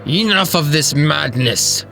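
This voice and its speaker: A man voicing a boastful heroic male fighter who makes stiff, loud declarations. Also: medium pitch, sing-song, measured pace, soft background music.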